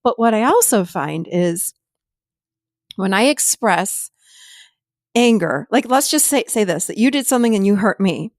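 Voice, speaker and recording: Animated woman talking on a podcast, dry sound. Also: mid-range voice, measured pace, pauses often, no room sound. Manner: animated, acts out quoted dialogue. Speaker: podcast host and therapist. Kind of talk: casual conversational teaching.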